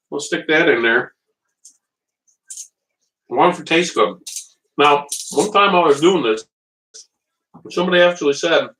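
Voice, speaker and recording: A man hosting a live cooking stream from his kitchen speaks unhurriedly, with long pauses, in a voice that's on the high side, pushed and bright, with lively intonation. He rambles and jokes with viewers as he waits on his small portable stove, heard through a distant mic.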